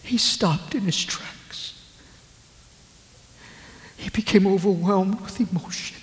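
A man preaching a sermon as a pastor, telling a story slowly and with feeling, with dramatic pauses. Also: sits high. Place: church hall. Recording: echoey hall, long reverb.

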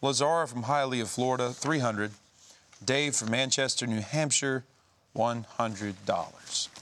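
A man reads a steady stream of donor names on a religious broadcast. He mixes short prayerful comments with easygoing, joking asides. His voice has an ordinary middle pitch. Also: measured pace, slight background noise. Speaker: telethon host. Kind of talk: reading donor names with brief preaching asides.

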